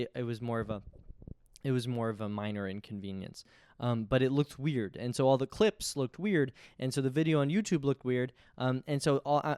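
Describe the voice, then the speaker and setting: A man's voice: medium pitch, darkish tone, clear, resonant tone, dry recording, clean studio sound. A young man hosting his own podcast, talking casually in a rambling, self-deprecating way and often restarting his sentences. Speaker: podcast host. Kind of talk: casual solo podcast monologue.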